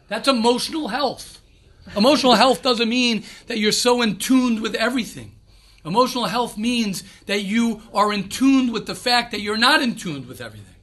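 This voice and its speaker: A man, a rabbi, giving an informal lecture to yeshiva students, animated and repetitive, often restarting his sentences. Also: very high-pitched, normal speed. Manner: animated, repeats himself, self-correcting.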